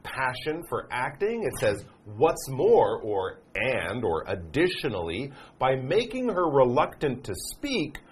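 A man's voice: medium pitch, slow pace, few pauses, a little hiss or hum. A man with a North American accent, co-hosting an English lesson and explaining a text in simple words. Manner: lively, reads out phrases and rephrases them simply. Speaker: English teacher co-host.

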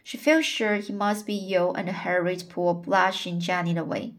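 A woman reading a novel aloud and pausing to give her own hesitant, careful commentary. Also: on the low side, level tone. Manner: careful, hesitant, searching for words. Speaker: audiobook reader. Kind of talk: slow read-aloud with personal commentary.

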